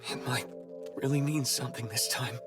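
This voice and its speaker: An actor voicing an earnest, determined young anime hero. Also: male voice, mid-range voice, fairly even intonation, moderate pace, over music, close to an everyday voice. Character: earnest young man vowing to save a loved one.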